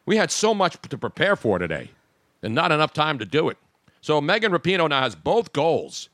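A man hosting a sports talk show, excitably breaking into the news and calling a goal. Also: a little high, a little fast, no room sound, studio quality. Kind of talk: live sports talk stream.

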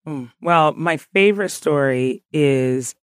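A woman from Ghana, a podcast guest, chatting in an animated, playful way and laughing often. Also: sits low, slow pace, clean tone, no echo, clean studio sound. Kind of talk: casual interview chat.

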